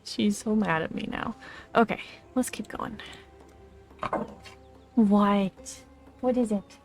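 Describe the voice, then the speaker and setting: A woman's voice: mid-range voice, slow pace, soft background music. A woman streamer chatting casually as she plays a game and talks to her pet between moves. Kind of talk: casual gameplay commentary.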